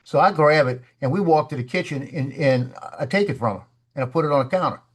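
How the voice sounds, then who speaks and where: This man talks fast in a slightly high, slightly rough voice as he tells a story in a casual studio setting. An animated storyteller, he restarts sentences, repeats words, and voices the people in his story.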